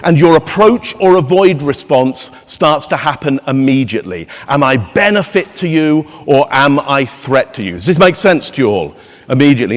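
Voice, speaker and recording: A man giving a live conference keynote, playful and teasing the audience with rhetorical questions. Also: on the high side. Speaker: keynote speaker. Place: large conference hall. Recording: long hall reverb.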